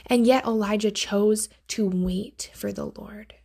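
A woman hosting a devotional podcast, reading and teaching from the Bible in an earnest way. She often drops to a hushed near-whisper on key phrases. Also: mid-range voice, steady tone, slow, vocal fry, hardly any pauses, breathy edge.

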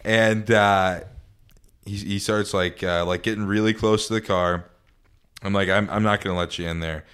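A man tells a story on a podcast in a deep, smooth voice. He rambles and restarts his sentences, filling gaps with ums and likes. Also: fairly even intonation, moderate pace, fairly bright tone. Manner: rambling, full of fillers and restarts. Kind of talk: casual storytelling.

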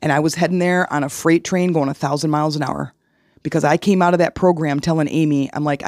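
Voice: medium pitch, quick pace, no room sound, clean studio sound. A podcast host talking solo, casual and frank, telling stories with analogies. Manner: animated storytelling with analogies.

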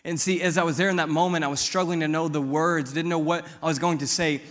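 A man preaching in a church, his voice a touch higher than most men's and carried by a long hall reverb. He tells his testimony boldly and plainly, like a conversation with the congregation. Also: steady tone, fast, hardly any pauses, fairly bright tone. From Missouri. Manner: bold, conversational storytelling. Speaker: pastor. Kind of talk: sermon with personal testimony.

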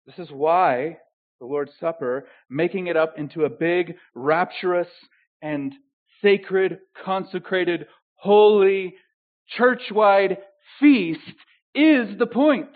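A man preaching a sermon as pastor, swinging between loud emphatic declarations and quiet, intimate asides. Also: high voice, takes it slowly. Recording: tinny phone-like sound.

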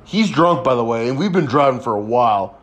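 A man's voice: mid-range voice, animated, a little fast. A young man in his twenties telling a rambling, crude story in a casual chat. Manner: crude, rambling, laid-back. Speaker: podcast host.

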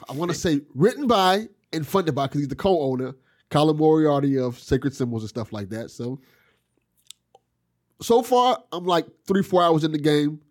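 A man's voice: fairly high pitch, darkish tone. A man co-hosting a podcast, chatting casually and explaining things at length. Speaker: podcast co-host. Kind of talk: casual chat.

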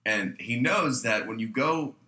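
A man's voice: mid-range voice, animated, unhurried. A young man in casual chat, swearing freely and telling a story about kitchen work. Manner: profane storyteller who shouts out the voices in his stories.

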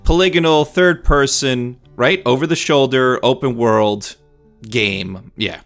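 A man co-hosting a podcast, chatting casually with joking, quick replies. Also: medium pitch, fairly bright tone, faint music behind. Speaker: podcast co-host. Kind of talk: casual chat.

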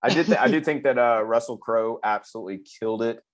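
Young male podcast guest, relaxed casual talk, medium pitch. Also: fast. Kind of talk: casual film review chat.

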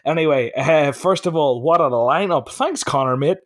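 A man's voice: on the high side, normal speed. A man hosting a casual podcast over drinks, jokey and loose, swearing freely in banter. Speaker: podcast host.

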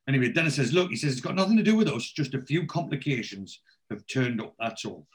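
Talking fast at a medium pitch, this man animatedly runs through a TV series on a podcast, quoting dialogue from scenes. His casual retelling is full of fillers and restarts.

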